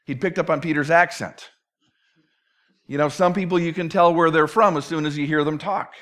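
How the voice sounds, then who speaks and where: A male preacher with a fairly high voice teaches a sermon verse by verse. He keeps it conversational and drops in playful acted asides along the way. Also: normal speed, a bit bright. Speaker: pastor.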